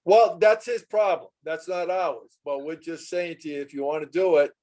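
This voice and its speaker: A man with a slightly high voice earnestly lays out how permit rules should work for property owners. He talks plainly, as at a town committee meeting. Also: steady tone, moderate pace, dark tone. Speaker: committee member. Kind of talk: municipal committee meeting discussion.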